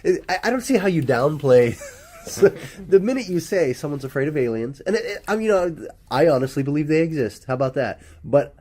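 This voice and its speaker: Husky-voiced joking podcast co-host man. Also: a little high, big pitch swings, a little fast, darkish tone. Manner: jokey, rambling with many restarts. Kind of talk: casual chat. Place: studio or room podcast.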